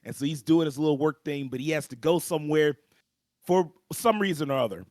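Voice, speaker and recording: A young man co-hosting a podcast, recapping an anime plot in a slangy, animated storytelling manner and clearing his throat often. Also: on the high side, a little fast, no echo, studio quality. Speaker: podcast co-host. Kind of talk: casual anime recap chat.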